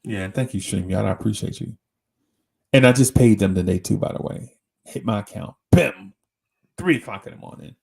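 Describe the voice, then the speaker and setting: A man's voice: fairly low pitch, moderate pace, vocal fry, darkish tone, husky. A man hosting a live show, telling a slangy, rambling story with many restarts. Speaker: host. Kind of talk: casual storytelling chat.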